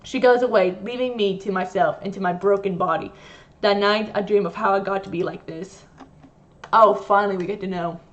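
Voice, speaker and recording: A woman gamer reads a visual novel aloud in a playful, animated way. Her voice sits at a middle pitch. A lo-fi mic dulls the sound. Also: brisk. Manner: animated, playful dramatic reading.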